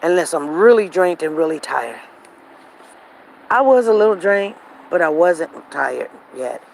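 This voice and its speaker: A woman hosting a casual show, telling a family story in a repetitive, animated, conversational way while walking outdoors. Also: on the low side, a little slow, creaky, a little hiss or hum, low-quality recording. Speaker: show host. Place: walking outdoors near traffic.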